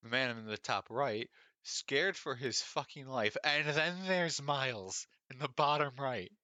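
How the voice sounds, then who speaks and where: A man's voice: mid-range voice, unhurried, pushed and bright, no room sound. A man streaming a game, jokey and swearing with laughs, with game music behind. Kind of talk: let's-play commentary.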